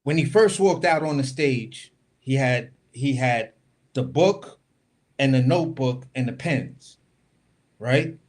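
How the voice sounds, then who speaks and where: A man's voice: mid-range voice, expressive, slow, a little mellow. Man retelling a boxing press event. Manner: storytelling, acting out quotes. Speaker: boxing podcast co-host. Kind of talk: casual chat. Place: home studio, live stream.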